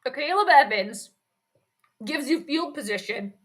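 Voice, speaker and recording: A woman's voice: high-pitched, expressive, moderate pace, pushed and bright. A woman giving casual live play-by-play commentary on a stream, chatty and reacting to each play while talking with her chat.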